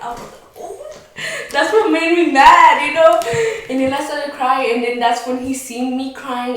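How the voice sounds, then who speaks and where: Young woman telling a story in an echoey room. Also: a little high. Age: late teens. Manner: chatty and candid, many likes and restarts. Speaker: vlogger. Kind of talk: casual storytelling. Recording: very echoey room, mic far off.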